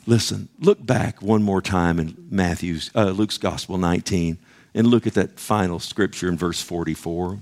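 A man's voice: deep voice, normal speed, a little mellow. A man preaching a sermon, emphatic and conversational, often asking the congregation "Amen?" and acting out little dialogues.

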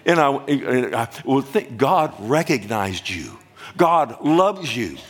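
An older male preacher delivering a sermon in a plain, folksy manner. His voice sits at a middle pitch, and he leans hard on key words while constantly checking in with his listeners. He talks as if to people seated in front of him in a church. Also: sing-song, slow pace, slightly rough. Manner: folksy, emphatic, asks the audience questions. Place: church or stage before a congregation.

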